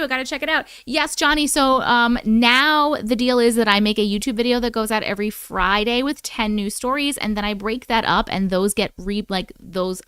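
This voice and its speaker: A woman hosting a casual live stream, reading off viewers' names and thanking them one after another. Her voice sits high and comes through smooth and clean, with a dry, close sound. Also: fairly bright tone, no echo. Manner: chatty, greets viewers by name, quick thank-yous. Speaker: livestream host reading chat. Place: at home.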